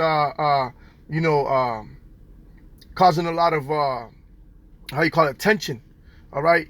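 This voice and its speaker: Guy preaching bible stuff street style, kinda high voice, says okay? all right? after everything, cusses. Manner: tags lines with "okay?" and "all right?", slangy, profane, emphatic. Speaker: Bible teacher.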